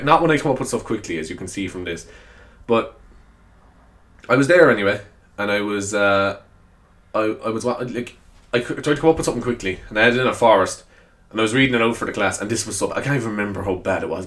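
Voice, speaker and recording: A man's voice: fairly low pitch, animated, fast talker, fairly bright tone. A man hosting a solo podcast, chatting casually in a rambling, self-deprecating way and laughing often. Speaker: podcast host.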